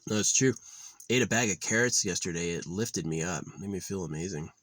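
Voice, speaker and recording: A man with a very low voice rambles through a casual vlog rant, heavy on the swearing and quick to get heated. The sound is dry and close, with no room behind it. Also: dry recording. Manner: profane, rambling, gets loud and heated when ranting. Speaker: vlogger.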